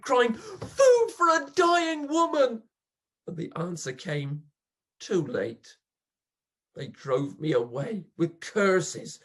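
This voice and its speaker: A reader performing a dramatic poetry recitation as a grief-stricken old male pauper, bitter and accusing, swinging melodramatically from hushed to loud. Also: mid-range voice, breathy edge, full character voice.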